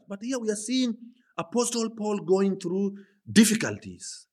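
Male preacher, fairly high voice, very animated pitch, impassioned sermon delivery with drawn-out emphasis. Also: breathy edge. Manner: impassioned, rising to high emphatic peaks on quoted words; slow, drawn-out emphasis on key phrases.

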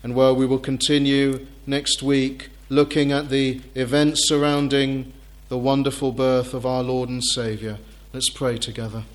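A man's voice: mid-range voice, little pitch movement, a little slow. A man preaching a sermon in an earnest manner, ending in prayer. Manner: earnest, acts out quoted voices.

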